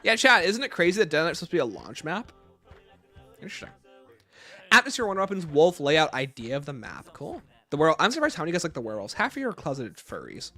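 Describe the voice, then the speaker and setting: A man's voice: fairly high pitch, big pitch swings, fast, pushed and bright, soft background music. A man hosting a casual livestream, reading viewer chat aloud and answering with blunt, opinionated takes. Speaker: livestream host.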